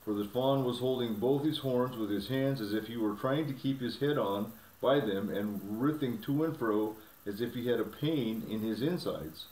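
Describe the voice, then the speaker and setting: A man's voice: mid-range voice, normal speed, hardly any pauses, darkish tone. Man narrating a storybook, roomy sound. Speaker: audiobook reader. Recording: roomy, from a distance.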